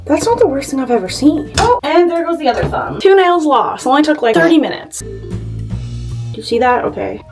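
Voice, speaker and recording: A woman's voice: high voice, very animated, a little fast, hardly any pauses, music in the background. A woman vlogging casually at home to a phone camera, chatty and nervous, swearing freely. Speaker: beauty vlogger.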